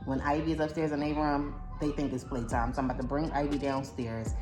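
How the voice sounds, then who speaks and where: A young woman talks straight to her camera at home, exasperated and close to tears. Her tone is casual and venting, and she keeps calling her viewers "y'all." Soft music plays faintly underneath. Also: low-pitched, little pitch movement, a little fast. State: upset, near tears. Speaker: vlogger, mother. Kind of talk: casual vlog talk to camera. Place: home, indoors.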